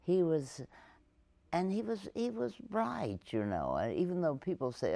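An older woman with an unusually deep voice tells stories in an interview. Her voice is low and gravelly, and her pitch swings widely. She talks haltingly, with many restarts and frequent laughter. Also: big pitch swings, dark tone. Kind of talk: casual reminiscing in an interview.

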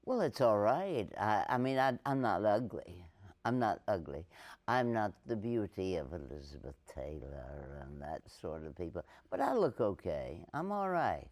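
An older woman with a deep voice, reminiscing haltingly in an interview with frequent restarts and laughter. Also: big pitch swings, darkish tone.

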